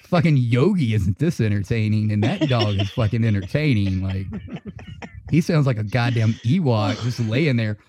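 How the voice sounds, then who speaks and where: A man hosting a podcast in casual chat, telling animated stories full of swearing and frequent laughter. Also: fairly low pitch, moderate pace, background noise. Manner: profane, laughing, animated storytelling. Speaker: podcast host.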